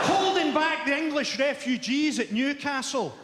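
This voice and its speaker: A Scottish man in his forties doing a stand-up routine before a live audience, delivering dry, dark one-liners with sharp punchlines. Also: very high voice, animated, unhurried, very noisy. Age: 40s. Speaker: stand-up comedian. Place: large theatre stage. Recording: echoey theatre stage with roaring crowd.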